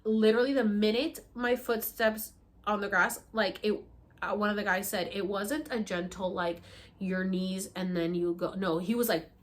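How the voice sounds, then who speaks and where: A young woman vlogger telling a story casually and animatedly, acting out her own pleas in high, loud bursts and swearing freely. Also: steady tone, normal speed.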